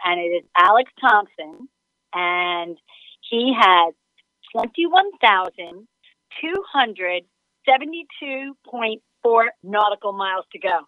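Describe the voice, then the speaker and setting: A woman chatting on a radio show about a sailing race, telling animated stories and laughing often. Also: medium pitch, slow, no echo, narrow, tinny audio. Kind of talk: casual radio chat.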